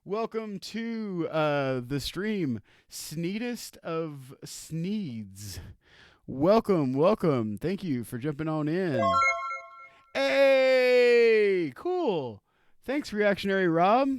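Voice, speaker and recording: Sarcastic male streamer, lively swinging voice, smooth and clear, dry close sound. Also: sits high, extremely slow, dry recording, soft background music. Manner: laughing, sarcastic and animated. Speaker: streamer reacting to videos. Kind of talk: live stream reaction commentary.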